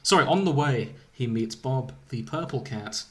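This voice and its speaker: A man hosts a comedy podcast at a mid-range pitch, chuckling through a silly retelling. He trips over words, restarts sentences and keeps breaking into laughter. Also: animated, normal speed, fairly bright tone. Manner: amused, laughing often, stumbling over words. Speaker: podcast host. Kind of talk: casual comic retelling of fan fiction.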